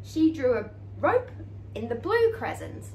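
A woman's voice: sits high, very animated, measured pace, a little hiss or hum. A woman co-hosting a podcast, chatting in a friendly way and reading a children's story aloud. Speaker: podcast co-host, story reader. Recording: echoey room.

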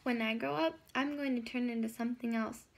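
A woman's voice: on the high side, steady tone, fairly quick, vocal fry, a little hiss or hum. A woman voicing a proud, boastful female caterpillar in a read-aloud picture book, with a bragging, self-important manner.

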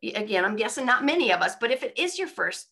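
Talking fast in a sing-song, on-the-high-side voice that sounds pushed and bright, a middle-aged woman preaches informally to a women's church event via video call. She speaks conversationally and often drops in rhetorical asides.

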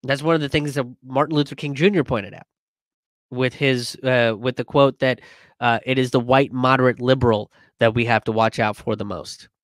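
A comedian hosting a casual commentary stream, reading viewer comments and talking it through with lots of fillers and restarts. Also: male voice, medium pitch, normal speed, no echo, clean studio sound. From immigrant. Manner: conversational, many fillers and restarts, animated when quoting others.

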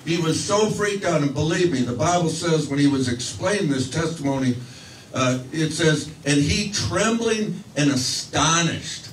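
A man's voice: a little high, animated, moderate pace, a bit bright, roomy sound, distant mic, a little hiss or hum, poor audio. A man preaching a sermon, telling a story in a conversational way with restarts and fillers, acting out quoted voices. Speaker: pastor.

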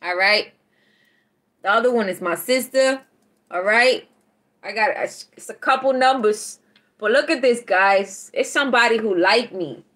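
A woman, chatting casually on a tarot livestream, teasing and animated, laughing often as she reads out chat. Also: a little high, unhurried.

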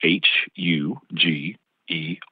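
A man's voice: sits low, extremely slow, husky, no room sound. A man from East Tennessee with a Southern American accent, a linguistics professor explaining patiently as an interview guest, often restarting his sentences. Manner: patient, lecturing, restarts mid-phrase. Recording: phone-line call.

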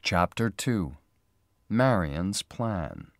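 Slow, low-voiced male storyteller. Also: animated, no echo, clean studio sound. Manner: slow, careful, clearly spoken. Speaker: narrator. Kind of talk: scripted storybook narration for learners.

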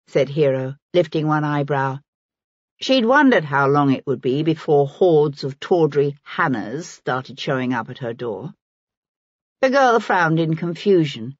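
A woman reading a historical novel aloud as an audiobook narrator, in a measured storytelling manner. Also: low-pitched, big pitch swings, dry recording, lo-fi sound. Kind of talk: scripted narration.

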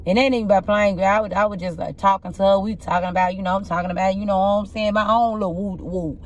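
A young woman with a rough, husky voice, doing a casual tarot reading and telling blunt, profane stories in an animated way. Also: mid-range voice, fast, a little hiss or hum. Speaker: tarot reader.

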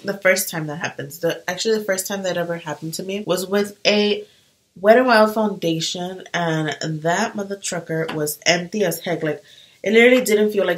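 A young beauty vlogger chats casually while doing her makeup, animated and full of fillers. Her voice is on the low side and a little fast, and the audio is poor.

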